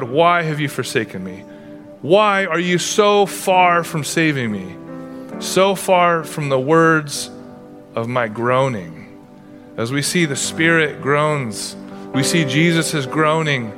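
A male pastor preaching a sermon, earnest and emphatic, breaking into playful asides now and then. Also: fairly high pitch.

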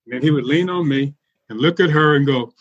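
Podcast guest: husky man, fairly high voice, lively anecdotal delivery, muffled lo-fi sound. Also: fairly quick. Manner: animated, laughs often while telling stories. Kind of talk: casual storytelling.

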